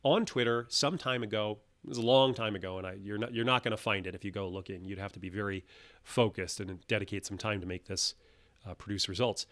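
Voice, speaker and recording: Animated male channel host. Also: on the low side, brisk. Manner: animated, emphatic asides with restarts. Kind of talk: solo commentary.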